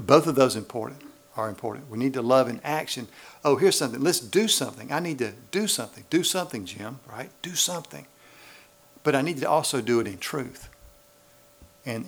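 Gravelly-voiced preacher. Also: male voice, mid-range voice. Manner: animated preaching, acting out voices. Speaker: pastor. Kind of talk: sermon. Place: church.

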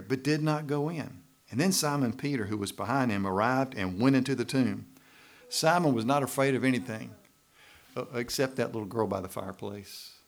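Gravelly-voiced male pastor preaching. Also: medium pitch. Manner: lively, rising to loud emphasis with many "right?" asides. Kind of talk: sermon.

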